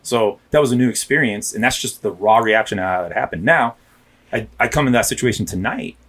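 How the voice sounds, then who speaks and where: A man's voice: mid-range voice, a little fast, fairly bright tone. A man, a police officer, telling his story candidly and emphatically in a casual podcast interview, often checking in with "right?". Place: podcast studio.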